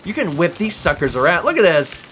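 An excitable male streamer talking through a co-op game, his voice bright and forceful with wide, animated swings. He jokes and shouts quick bursts at his partner, slightly high for a man. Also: slight background noise. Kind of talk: casual co-op gameplay chat.

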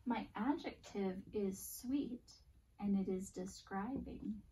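A woman teaches phonics to young pupils, stretching out each letter sound with deliberate care. Her voice is soft and mellow, and she speaks slowly. She is recorded from a few steps away from the camera in a classroom. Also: medium pitch, lively intonation, far from the mic, slight background noise.

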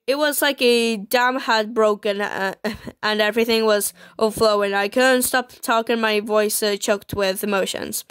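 Woman reading a visual novel aloud, halting with many restarts, smooth voice, dry close sound. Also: medium pitch, steady tone, no echo. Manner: halting, with frequent fillers and restarts on words. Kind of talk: reading a romance game script aloud.

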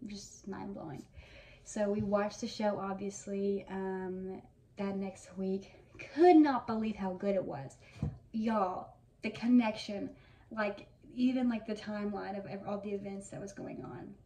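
A woman's voice: medium pitch, steady tone, a little slow, dark tone. Gushing young woman, roomy distant sound. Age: around 20. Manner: gushing fan storytelling with many fillers. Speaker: vlogger. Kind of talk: casual reminiscing monologue. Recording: echoey room, mic at a distance, faint noise.

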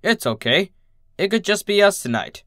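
A man reading a storybook voices a gentle, frightened stallion father who soothes and pleads. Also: high-pitched, very animated, normal speed, no room sound, clean studio sound, pitched above the performer's own voice. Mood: soothing.

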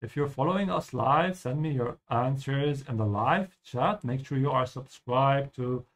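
A man hosting a live-streamed lesson, explaining German pronunciation slowly and switching between English and German. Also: medium pitch, animated. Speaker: language teacher and stream host.

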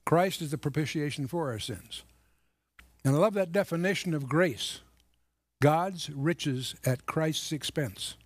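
Animated high-voiced man teaching the Bible. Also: a little slow, slightly rough, no echo. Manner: animated, emphatic, reads scripture aloud.

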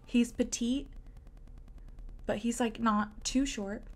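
A woman's voice: a little high, steady tone, slow, a little mellow. A young woman with a Southern US accent, chatting and giggling casually while streaming a game. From Southern United States. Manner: chatty and giggly, lots of "like" fillers. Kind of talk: casual gameplay commentary.

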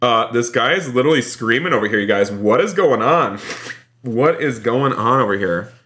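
A man live-streaming a role-play game, excitable, talking straight to his chat. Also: mid-range voice, normal speed. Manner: excitable, keeps addressing the chat as "you guys".

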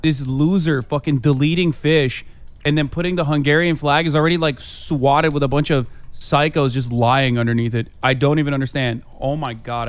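A man's voice: mid-range voice, clean tone, no echo. A man talking casually on a stream, cursing and sounding exasperated.

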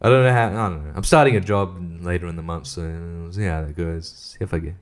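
A man's voice: sits low, fast. A young man hosting a casual solo podcast, rambling and swearing, often laughing at himself. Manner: rambling, profane, self-mocking with frequent laughs. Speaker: podcast host.

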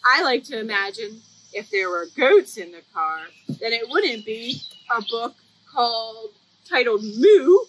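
A woman's voice: a little high, expressive, unhurried, slightly rough. A woman hosting a children's library storytime, playful and sing-song as she reads aloud and leads rhymes.

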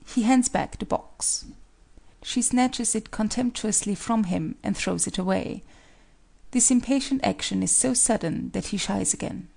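Woman reading stage directions, gravelly voice, calm and even. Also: medium pitch, measured pace. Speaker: narrator.

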